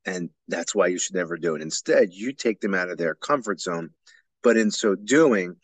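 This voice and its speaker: A man's voice: low voice, expressive, normal speed, no echo. A man hosting a solo podcast for educators, explaining ideas in an earnest, emphatic way. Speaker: podcast host.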